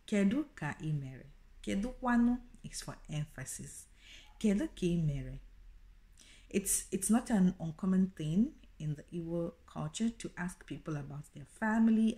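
A woman giving a casual video language lesson, explaining slowly and repeating each phrase. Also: fairly low pitch, dark tone. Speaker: language teacher.

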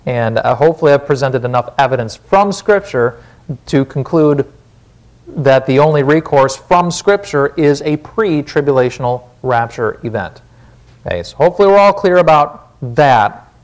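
A man's voice: medium pitch, lively intonation, normal speed. A man with a Wisconsin accent preaching a sermon in a church, casual and conversational, often asking "right?". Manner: conversational, frequent "right?" check-ins. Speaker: pastor.

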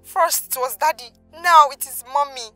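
A worried young woman insists her mother is missing in a film drama. Her voice is high, bright and tense. Faint music runs behind her. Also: animated, brisk. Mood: anxious. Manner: anxious, insistent.

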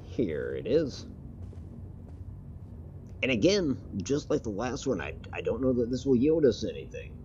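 Male game streamer, lively low voice, loose and swearing, game gunfire behind. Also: a little slow, long pauses, highs cut off, background noise. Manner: rambling, self-correcting, swears casually. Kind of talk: casual gameplay commentary. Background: game gunfire and artillery.

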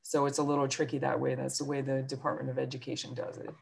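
A woman's voice: very deep voice, level tone, quick pace, creaky, a little mellow. A woman school counselor with a New York accent, giving a chatty presentation to parents on a video call with many fillers and self-deprecating asides.

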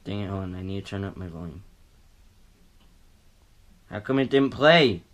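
In a low-sitting, animated voice at a moderate pace, a man rambles to his vlog audience in a casual, goofy way, frequently breaking off mid-thought.

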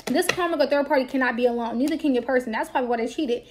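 A woman's voice: high voice, racing, a little hiss or hum. A woman giving a casual tarot card reading to her viewers, talking bluntly and with plenty of profanity. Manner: blunt, profane, lively talk.

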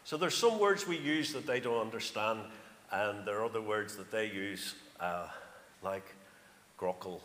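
Speaking unhurriedly in a lowish, somewhat bright voice, a middle-aged charity speaker with a County Armagh accent shares anecdotes in a chatty church talk. He's from Northern Ireland and emphasizes his numbers, while the church hall echoes with faint background noise.

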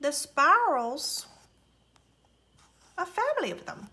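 A woman reading a picture book aloud to young children, mimicking bird calls playfully and dropping into soft whispers. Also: high voice, sing-song, extremely slow.

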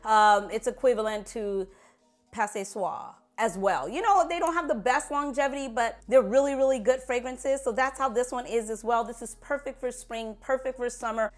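A woman's voice: fairly high pitch, moderate pace. A woman vlogger chatting casually to camera, sassy and playful, laughing at herself as she talks. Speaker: beauty vlogger.

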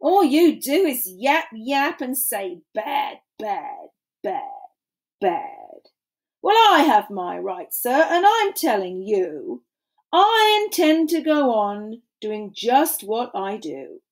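A woman voicing a greedy, defiant male factory owner who talks loudly and mockingly in a storybook read-aloud. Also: on the high side, very animated, slow pace, heavily acted.

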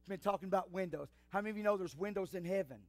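A pastor preaching a sermon in church, building from quiet storytelling to fiery shouts. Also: male voice, sits high, racing, no room sound.

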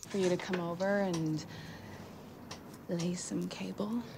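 A woman's voice: lowish voice, fairly even intonation, slow pace, vocal fry. An actress playing a playful young woman who teases her boyfriend, heard in a TV clip with background noise. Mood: teasing. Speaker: character in a TV series.

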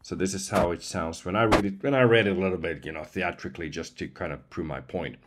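A man's voice: deep voice, fast, heavy background noise. A man, a professional voice-over artist, casually explaining and testing voice tools, chatty with small asides. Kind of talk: casual tutorial chat.

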